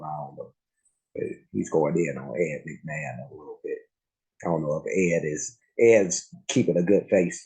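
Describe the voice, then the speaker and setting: A man's voice: very deep voice, dark tone, low-quality recording. A man reacting to a comedy clip, musing aloud in a laid-back, casual way. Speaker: reaction video host.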